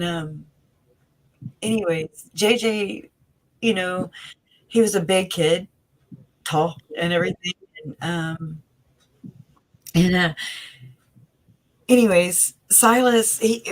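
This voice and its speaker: A woman with a fairly low voice talks over a video call as an interview guest. She rambles earnestly and emotionally, circling back with fillers and restarts. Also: rough recording. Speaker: interview guest, family member of the victims. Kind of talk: casual conversational interview.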